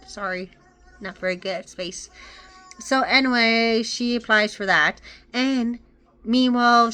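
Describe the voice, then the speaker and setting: A woman talks through a book's plot in a relaxed, rambling way, often stopping to correct herself. Her voice is bright and sharp, and she speaks from her home. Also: mid-range voice. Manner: rambling, self-correcting retelling. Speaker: book reviewer. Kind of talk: casual book review. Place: home with dogs.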